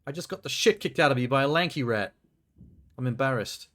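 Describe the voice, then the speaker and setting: With a medium pitch and a brisk pace, this man streams a video game live, commentating excitedly, swearing frequently and joking about the events on screen.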